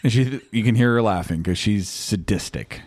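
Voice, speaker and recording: A man's voice: lowish voice, moderate pace, a little mellow. A man co-hosting a podcast with his wife, telling stories with teasing, self-deprecating humor in casual chat. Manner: joking, self-deprecating storyteller. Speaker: podcast co-host.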